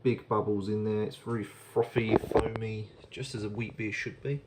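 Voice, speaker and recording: A man's voice: on the low side, level tone, moderate pace, very noisy. A man casually reviewing a beer on camera, chatty and rambling, often repeating words as he goes.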